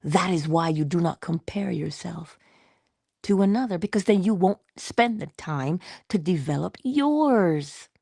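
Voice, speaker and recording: A woman giving a casual motivational talk, expressive, dropping into whispers and laughing often. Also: on the low side, measured pace, creaky, husky, no room sound, clean studio sound. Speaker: motivational vlogger.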